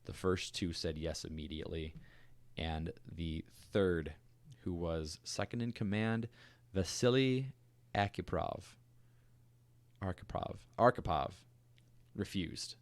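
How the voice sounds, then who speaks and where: A man co-hosting a podcast, telling a history story in a relaxed, conversational way with fillers and asides. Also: low voice, unhurried, no echo. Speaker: podcast co-host. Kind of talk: casual storytelling chat.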